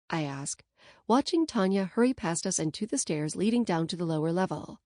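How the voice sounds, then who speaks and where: A woman's voice: on the low side, expressive, fairly quick, a little mellow, no room sound. A young woman reading a first-person audiobook aloud, wry and sardonic, on a close studio mic. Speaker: audiobook narrator. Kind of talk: first-person scripted narration.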